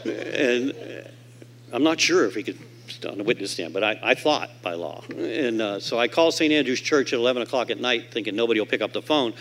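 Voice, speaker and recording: A man speaking at a convention stage mic, telling his recovery story to the audience and acting out the voices of the people in it. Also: a little hiss or hum. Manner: animated storyteller who acts out quoted voices; swings from loud and emphatic to low and quiet.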